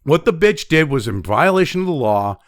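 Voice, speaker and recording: A man's voice: on the high side, sing-song, moderate pace, no room sound, clean studio sound. A man giving angry, heavily profane news commentary, reading news excerpts aloud between blunt rants.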